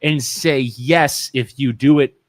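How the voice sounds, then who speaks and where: A man's voice: mid-range voice, slow pace, dry recording. A young man co-hosting a casual talk radio show, joking around and reading a sponsor ad in an upbeat voice. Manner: animated, jokey, reads ads in an upbeat put-on fancy voice. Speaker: co-host.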